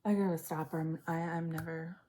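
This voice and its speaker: Woman doing an intense psychic reading on camera, lowish voice, keeps trailing off. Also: fairly even intonation, warm tone. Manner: intense, halting, trails off and restarts. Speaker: psychic reader. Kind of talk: intuitive reading on video.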